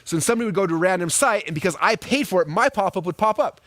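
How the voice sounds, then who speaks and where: Guy teaching marketing super fast, high voice, dry close sound. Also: no room sound. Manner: acts out quoted voices in a high excited pitch. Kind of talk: energetic teaching talk.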